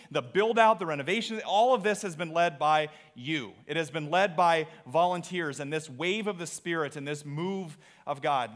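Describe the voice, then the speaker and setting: A man preaching as a pastor in a church service, earnest and animated, with repeated phrases. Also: on the high side. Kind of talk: sermon. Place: church auditorium.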